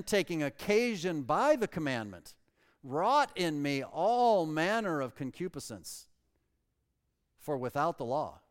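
A pastor preaching a sermon, emphatic and swinging between loud and soft, reading scripture aloud in old-fashioned wording. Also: male voice, a little high, smooth. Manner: reads scripture aloud in King James wording. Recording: long reverb of a large hall.

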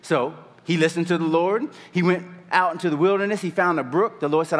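A man preaching a sermon in a church, retelling a story in an animated, conversational way. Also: a little high, brisk, hardly any pauses, long reverb tail. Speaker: pastor.

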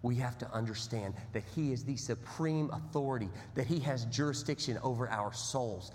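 A man preaching a sermon as pastor, telling stories with big swings between loud bursts and hushed, low passages. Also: normal speed. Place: church sanctuary. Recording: long hall reverb.

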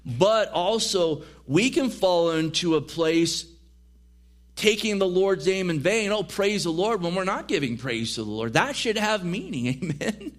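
A man's voice: sits high, expressive, measured pace. A man preaching a sermon in a church as pastor, reading scripture aloud and pressing his points with earnest emphasis.

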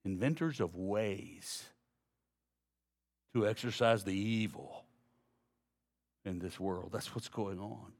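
A man preaching a sermon, folksy and direct with the congregation, swinging from low, quiet passages to loud emphasis. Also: takes it slowly, pauses often. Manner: folksy, addresses congregation as y'all. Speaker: pastor.

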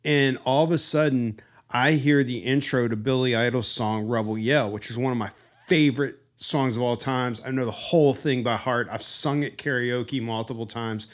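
A man hosting a podcast, telling a funny story in a lively way and acting out scenes as he goes. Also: medium pitch, moderate pace, hardly any pauses. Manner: animated, acts out scenes with funny imitations. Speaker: podcast host. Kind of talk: casual storytelling chat.

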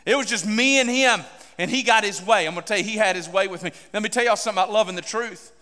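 A man, a pastor preaching a sermon and telling a story animatedly, acting out dialogue with sudden loud bursts. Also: high-pitched, fast, long reverb tail.

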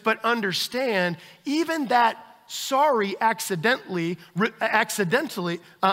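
A man's voice: sits high, bright, forceful tone, big-room sound. A man preaching a sermon as pastor, acting out everyday scenes with quoted voices.

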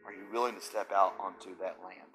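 A man preaching a sermon as pastor, swinging from hushed intensity to shouting and quizzing his congregation with call-and-response questions. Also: low voice, fairly even intonation, a little fast, soft background music.

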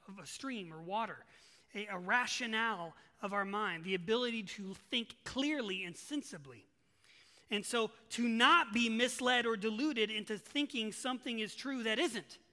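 A man's voice: very high voice, bright, forceful tone, big-room sound. A male pastor preaching a sermon in a church, earnest and emphatic, repeating his key phrases.

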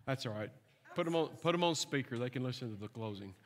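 A man preaching a sermon and leading an altar call, teasing at times and then fervent and pleading. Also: mid-range voice. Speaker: pastor. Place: large church with live music. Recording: long hall reverb, music behind.

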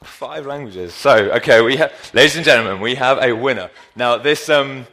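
A pastor delivers a sermon in a church hall, holding a handheld mic and joking with the congregation as he speaks straight to them. His voice sits in the middle range with a sharp tone, at a normal speed, and his manner is playful throughout.

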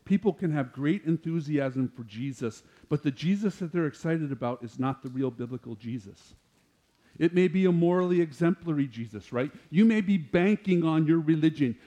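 A man with a high voice preaching a sermon to a congregation. He talks in an animated way and climbs louder and higher whenever he quotes scripture, then drops back down to explain it. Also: moderate pace, muffled recording. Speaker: pastor.

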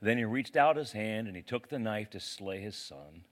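A man preaching a sermon as a pastor, in a casual, animated way with slang. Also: on the low side, moderate pace.

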